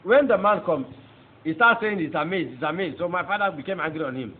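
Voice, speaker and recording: A convert's fervent testimony comes from a high-voiced man with a Nigerian accent, talking briskly. He preaches emphatically, repeating phrases to his audience, and the recording has a thin phone-like tone with faint noise behind it.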